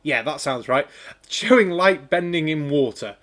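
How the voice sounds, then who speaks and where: A man's voice: fairly high pitch, lively intonation, moderate pace, fairly bright tone. A man from Wales, hosting a sarcastic, swearing reaction commentary. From North Wales. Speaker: host.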